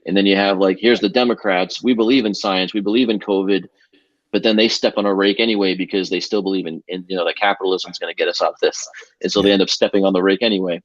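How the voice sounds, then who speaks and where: A man in a podcast discussion, speaking in a measured way with many fillers, on a dull, dry remote recording. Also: low voice, flat delivery, no room sound.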